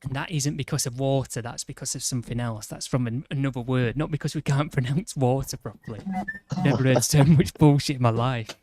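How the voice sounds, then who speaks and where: A man with a Yorkshire accent streaming a game, rambling and indignant in casual banter, full of quick restarts. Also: mid-range voice, fairly even intonation, warm tone. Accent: Yorkshire English. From Yorkshire, England. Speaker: livestreamer. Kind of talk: casual gaming stream chat.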